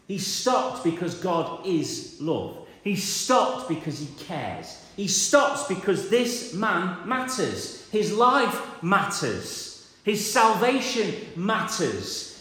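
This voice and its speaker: A man, preaching a lively sermon and acting out the voices in the story. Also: on the high side. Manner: animated, acts out voices, builds repetition. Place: church. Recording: echoey church hall.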